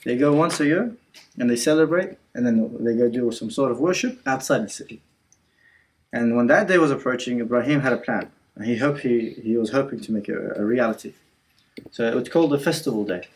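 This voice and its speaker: A man's voice: mid-range voice, a little fast, slight background noise, low-quality recording. Casual man teaching a religious class. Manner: retells scenes with quotes and frequent fillers; code-switches with Arabic words. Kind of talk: casual storytelling lesson. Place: indoor community centre class.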